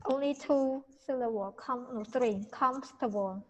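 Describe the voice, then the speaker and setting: A woman leads an online English lesson, drilling her students on pronunciation and quizzing them. Her voice sits somewhat high and carries a long reverberant tail. She corrects them word by word. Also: unhurried, muffled recording. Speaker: English teacher. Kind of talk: online class teaching pronunciation. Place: video call.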